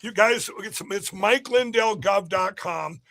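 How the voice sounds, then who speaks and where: A political candidate giving an emphatic, repetitive rally-style interview on a podcast. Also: male voice, sits high, slow pace, bright, forceful tone.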